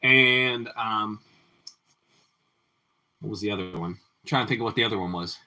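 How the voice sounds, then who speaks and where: Relaxed male stream host, bright clear tone, cooking at home, easy chatty talk. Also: fairly low pitch, normal speed. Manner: relaxed, answers viewer chat, often repeats his phrases. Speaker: livestream host. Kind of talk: casual chat while cooking. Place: home kitchen.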